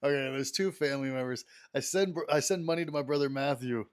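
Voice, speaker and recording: A man's voice: mid-range voice, fast, slight background noise. A young man co-hosting a podcast, chatting casually, laughing often and swearing loosely as he tells stories. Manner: laughing, loose and profane storytelling. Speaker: podcast co-host. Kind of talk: casual chat.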